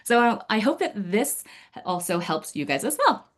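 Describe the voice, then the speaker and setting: A woman's voice: mid-range voice, very animated, normal speed. A woman giving a personal storytelling speech to her speaking club over a video call, chatty and full of fillers, often laughing.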